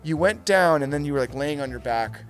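Man, older of the group; slightly high voice, casual and profane podcast talk. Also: expressive, a little fast, faint music behind. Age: older than his co-hosts. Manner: blunt and profane, laid-back. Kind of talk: casual chat.

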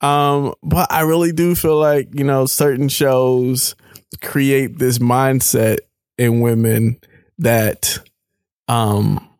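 A man's voice: mid-range voice, fairly even intonation, takes it slowly, a little mellow, no echo, studio quality. A young man from New York co-hosting a podcast, talking in a rambling, hesitant way and teasing his co-host. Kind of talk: casual chat.

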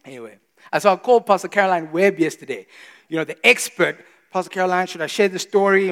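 A man in his thirties preaching a sermon, animated, swinging between quiet confiding asides and loud exclamations. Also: sits high, fairly quick. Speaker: pastor. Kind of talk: sermon with storytelling. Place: church. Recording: reverberant church hall.

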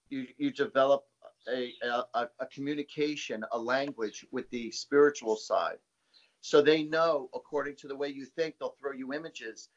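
A man's voice: mid-range voice, dull audio. A man, a psychic guest, telling stories casually in an interview, rambling with many fillers and repeated words.

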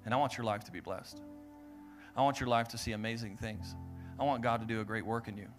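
A young adult man preaching a sermon, telling stories and acting out voices with lively delivery. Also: lowish voice, quick pace, soft background music. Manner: animated storytelling, acts out voices. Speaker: pastor.

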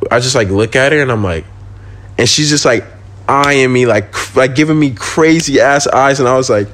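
A man's voice: medium pitch, moderate pace, a bit bright, slight background noise. Young male guest, loose slangy storyteller, swears freely, mid-range voice. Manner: slangy, swearing, laughs while telling stories. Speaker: podcast guest. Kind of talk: casual storytelling.

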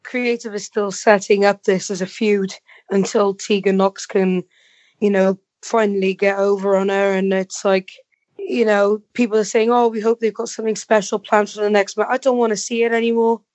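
A woman's voice: medium pitch, level tone, moderate pace, darkish tone, no echo. A woman co-hosting a casual wrestling chat, complaining emphatically and with exasperation. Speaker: podcast co-host.

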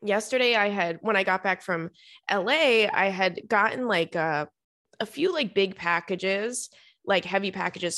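A woman's voice: medium pitch, fairly bright tone. A young woman casually telling funny stories to her viewers. She laughs often, swears freely and keeps calling her listeners "girl". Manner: chatty, says "girl" and "like" a lot. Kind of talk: casual storytelling to camera.

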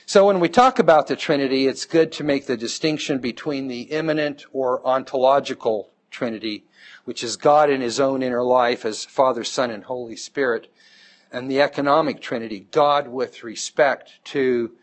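A man's voice: medium pitch, normal speed. Guy lecturing a bible class, mid-range voice, keeps checking "okay?" with everyone. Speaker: Bible teacher.

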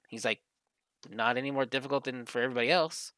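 A man's voice: mid-range voice, fast talker, fairly bright tone, no room sound. A man co-hosting a podcast in casual chat, rambling and swearing as he acts out other people's lines. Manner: rambling, profane, acts out quotes. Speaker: podcast co-host.

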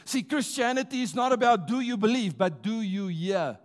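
A man preaching a rousing sermon in a church, slowing down for emphasis and calling on the congregation to respond. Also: sits high, expressive.

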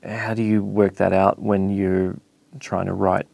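A man's voice: low-pitched, little pitch movement, a little slow, vocal fry, a little mellow, no echo. A man asking interview questions in a hesitant, searching way.

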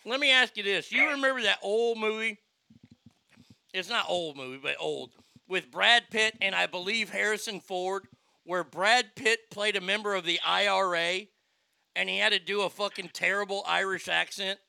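A man with a high, gravelly, very bright voice chats casually about films as a podcast co-host. He jokes loosely and swears freely, in a dry, close-miked sound. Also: normal speed, no echo. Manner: loose, joking, profane. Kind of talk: casual movie banter.

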